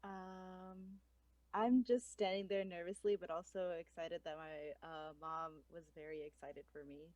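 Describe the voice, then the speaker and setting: A woman's voice: on the low side, fairly even intonation, unhurried, a little mellow, no room sound. A woman playing a tabletop game, describing her actions in a hesitant, casual way. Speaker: player.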